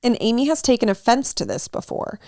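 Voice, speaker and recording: A woman's voice: fairly high pitch, huge pitch swings, fairly quick, vocal fry, a little mellow, no echo, studio quality. A young woman co-hosting a podcast, reading a story aloud and chatting casually with swearing and laughter. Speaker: podcast co-host.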